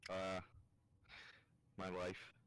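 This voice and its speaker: Late at night in his bedroom, a tired young vlogger rambles through improvised crude jokes, giggly and losing it at his own punchlines. His voice sits low, monotone and extremely slow, fairly bright, clear and resonant, on a rough recording with no room sound.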